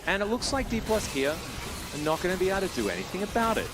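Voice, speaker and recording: A man casting an esports match solo, chatty and self-deprecating between plays, excitable when the action kicks off. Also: high-pitched, quick pace, music in the background. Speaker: esports caster. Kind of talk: play-by-play esports commentary.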